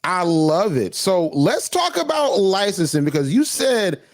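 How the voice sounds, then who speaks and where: A man's voice: sits high, big pitch swings, unhurried, dry recording, studio quality. A man hosting a radio interview, enthusiastic and slangy in casual talk.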